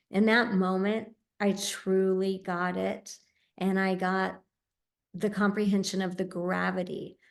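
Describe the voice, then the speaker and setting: An earnest woman shares a personal story in a heartfelt talk, her voice carrying a gravelly, creaky edge. She speaks sincerely and pauses now and then on small fillers. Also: mid-range voice. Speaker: medium and speaker.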